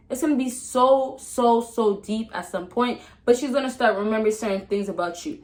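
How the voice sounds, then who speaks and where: A woman giving dating advice to camera in a casual vlog, chatty and emphatic, swinging between loud excitement and a soft calm tone, laughing often. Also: fairly high pitch, normal speed, hardly any pauses, poor audio. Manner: laughs often mid-sentence.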